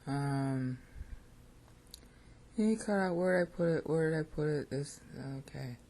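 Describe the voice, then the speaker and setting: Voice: mid-range voice, measured pace, dark tone. An American Bible teacher giving an informal lecture on scripture, thinking aloud and checking in with listeners.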